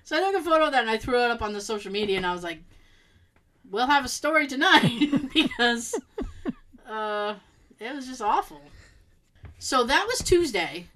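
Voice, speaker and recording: A woman telling a long story in casual chat, animated and laughing as she acts out what people said. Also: on the high side, brisk, a little hiss or hum, rough recording.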